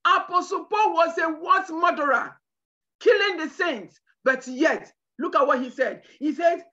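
A woman preacher delivering a sermon with emphatic, shouted bursts. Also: very high voice, unhurried, lo-fi sound. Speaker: preacher at a women's conference.

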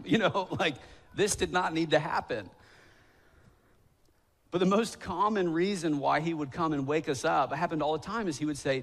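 A man's voice: high-pitched, moderate pace, a bit bright. A man in his thirties, a pastor preaching a sermon in a church, telling stories with self-deprecating humor and acting out pleading prayers. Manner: acts out quoted voices, rising to emphatic pleading. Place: church sanctuary.

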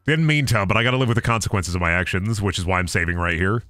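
A man streaming a video game, chatting casually and reacting loudly, joking and swearing as he plays. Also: lowish voice, rapid-fire, dry recording, clean studio sound. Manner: excitable, swearing, joking to himself. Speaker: gaming streamer. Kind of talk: casual gameplay commentary.

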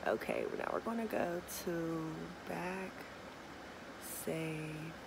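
A young woman vlogging casually, talking, swinging between murmured asides and excited squeals. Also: low-pitched, takes it slowly, gravelly, noisy background. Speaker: small business owner launching an online store. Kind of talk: casual vlog chat.

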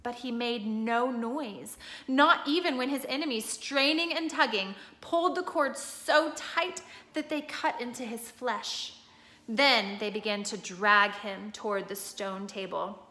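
A woman reading a storybook aloud with steady, expressive storytelling, now and then stopping to explain a picture. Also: a little high, a little slow. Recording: echoey room.

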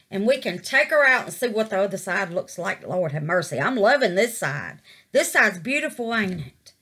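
A woman's voice: mid-range voice, very animated, normal speed, sharp tone, slightly rough. A middle-aged woman, chatting through a resin craft project and calling her viewers babies. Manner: chatty, calls viewers babies, exclaims to the Lord. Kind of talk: casual crafting vlog.

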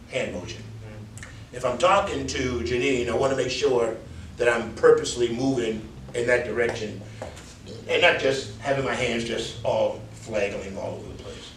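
A man's voice: mid-range voice, fairly bright tone, slight background noise. New York man giving class feedback. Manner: candid, conversational, mimics filler words while correcting. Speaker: public speaking instructor. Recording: echoey room, mic from a distance.

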